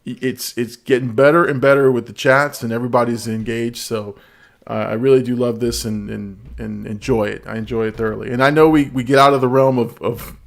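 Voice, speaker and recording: A man's voice: medium pitch, fairly even intonation, brisk, gravelly. Guy hosting a live stream, laughs a lot, reads out chat, casual. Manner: laughs often, repeats words, reads chat aloud.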